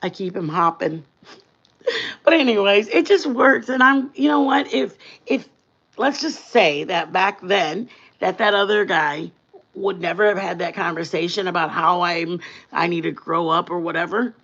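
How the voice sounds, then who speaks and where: A woman's voice: on the low side, measured pace, a bit bright, lo-fi sound. A woman hosting a livestream, telling personal stories in a playful, giggly way and laughing often. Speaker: livestream host. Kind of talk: casual storytelling chat.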